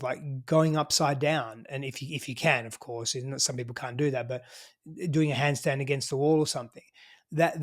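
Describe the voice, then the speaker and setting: A man with an Australian accent, a podcast guest giving casual advice in an emphatic, sweary way, full of "you know" and "right?". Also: medium pitch.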